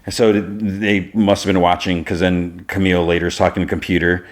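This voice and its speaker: Low-voiced man rambling through a recap. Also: level tone, a little fast. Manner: rambling, loose, full of fillers. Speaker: podcast host. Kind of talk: casual episode recap.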